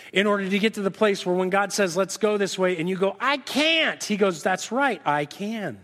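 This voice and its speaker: A middle-aged male pastor preaching a sermon, acting out lively back-and-forth dialogues with God. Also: sits high. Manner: animated, acts out dialogue with God in different voices. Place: church sanctuary. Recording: reverberant church hall.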